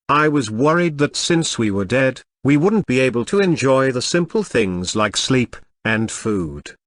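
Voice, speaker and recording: Brief: male audiobook reader, animated melodic delivery, dry close sound. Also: mid-range voice, no echo. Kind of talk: first-person novel narration.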